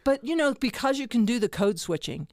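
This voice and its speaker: Podcast host, woman from the Ozarks; warmly encouraging, spiritually minded, a touch higher pitch, recorded dry. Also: big pitch swings, a little fast, no echo. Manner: upbeat, encouraging, spiritual talk. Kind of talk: podcast interview. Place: recording studio.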